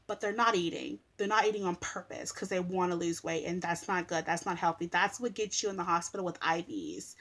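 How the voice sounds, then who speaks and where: A woman's voice: on the low side, a bit bright. Rambling chatty woman vlogger. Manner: rambling, lots of "like" fillers. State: sleepy. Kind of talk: casual chat to camera.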